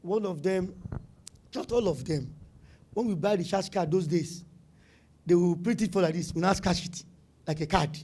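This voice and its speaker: A middle-aged Nigerian man speaking at a business summit in a high, bright voice. He talks emphatically and hammers his points by repeating words. Now and then he slips into pidgin phrases. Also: normal speed, long pauses. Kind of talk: animated conference talk.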